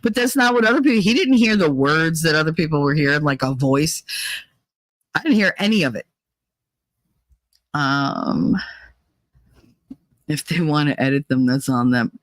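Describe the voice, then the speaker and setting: A woman's voice: low voice, moderate pace, long pauses, no room sound, poor audio. A woman livestreamer chatting casually in a blunt, rambling way, swearing and laughing often.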